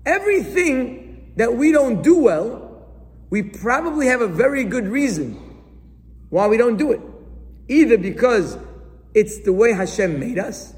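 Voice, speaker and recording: A man giving an animated sermon, as a rabbi to a live audience, acting out questions and excuses. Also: extremely high pitch, measured pace, pauses often. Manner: animated, acts out questions and excuses in different voices. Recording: long hall reverb.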